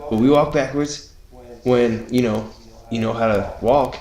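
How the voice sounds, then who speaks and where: A man's voice: medium pitch, steady tone, measured pace, darkish tone, echoey room. A man co-hosting a casual podcast chat, joking and laughing, often slipping into mock voices for the people he quotes. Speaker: podcast co-host.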